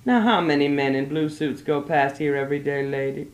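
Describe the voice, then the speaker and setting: A woman's voice: low-pitched, moderate pace, a little mellow. A woman voicing a suspicious male shopkeeper who answers curtly and impatiently. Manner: curt, impatient. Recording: roomy old archive recording.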